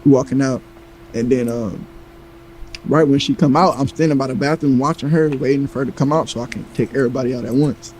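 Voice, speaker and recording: Male storyteller, casual and animated, mellow low-bright tone, light background hiss. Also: fairly quick, poor audio. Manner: animated, acts out quoted lines, heavy profanity.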